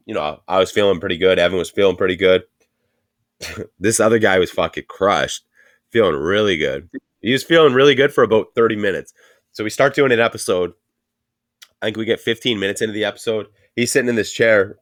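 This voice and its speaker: Low-voiced man telling a rambling story. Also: fairly quick, no echo, studio quality. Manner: rambling profane storytelling, laughing often. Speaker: podcast co-host. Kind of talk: casual podcast chat.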